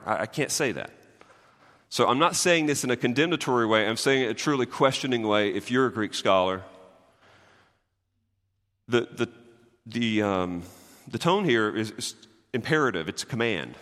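A man preaching a sermon as a pastor, animated and swinging between loud and hushed, with jokey asides. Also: fairly low pitch, unhurried, long pauses, long reverb tail.

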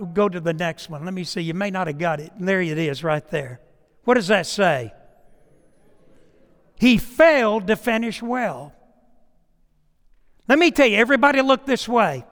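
A man's voice: high-pitched, a bit bright, long reverb tail. A middle-aged male pastor preaching a sermon, telling stories and acting out the dialogue in them.

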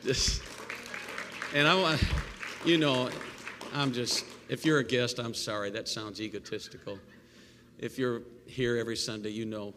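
A male pastor giving a live sermon, animated and playful, with jokey asides and call-and-response with the congregation. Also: mid-range voice, measured pace, pauses often, crowd noise, background noise. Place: church sanctuary. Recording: long reverb of a church hall.

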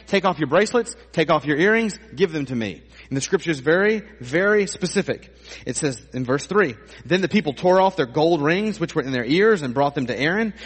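A man preaching a sermon as a pastor in a church, animated and acting out voices with comic exaggeration. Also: fairly high pitch, husky. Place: church sanctuary. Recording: long hall reverb.

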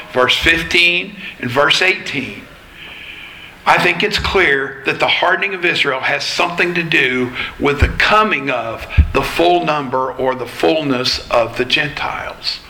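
A man, a pastor, giving an expository sermon in a measured, explanatory teaching manner. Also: fairly high pitch, pushed and bright, echoey room, a little hiss or hum, low-quality recording.

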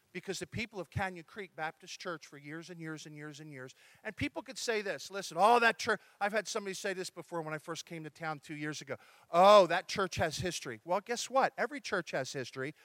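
A man preaching a sermon as pastor, talking to his congregation in a lively, conversational way. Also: high-pitched, dry recording.

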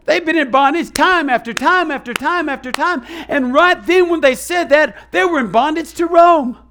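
Man, pastor, high voice, animated sermon delivery. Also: normal speed. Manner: animated preaching, acts out quoted voices.

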